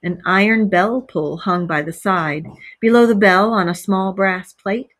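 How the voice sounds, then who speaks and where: A woman's voice: mid-range voice, unhurried, fairly bright tone, no room sound. A woman teacher reading a story aloud to children and patiently explaining words.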